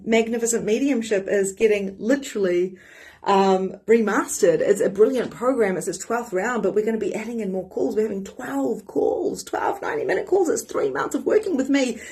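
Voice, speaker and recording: A woman from New Zealand with a matching accent, speaking as a spiritual mentor in an animated, candid monologue. Her voice is slightly husky and breathy, and her pitch sits in a middle range. She swears casually. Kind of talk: reflective monologue.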